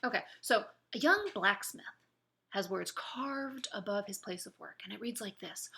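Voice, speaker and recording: A woman's voice: on the high side, expressive, moderate pace, pushed and bright. A woman instructor giving spoken feedback on a student's presentation, encouraging, with many fillers and restarts.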